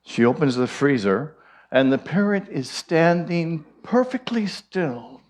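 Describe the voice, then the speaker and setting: A man, a minister, giving a sermon and telling a joke in an unhurried storytelling way. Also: on the high side, sing-song, darkish tone.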